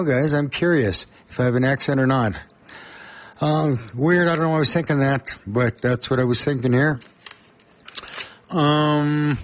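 A middle-aged man from Colorado, hosting a small community radio show and chatting casually between songs, rambling with plenty of fillers. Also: fairly high pitch. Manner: rambling, chatty, many fillers and asides to listeners. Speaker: radio host.

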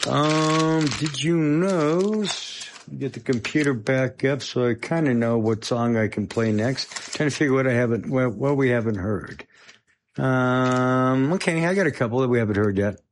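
A man's voice: medium pitch, normal speed, slight background noise. A middle-aged man hosting a radio show, chatting casually between songs with rambling, self-deprecating asides.

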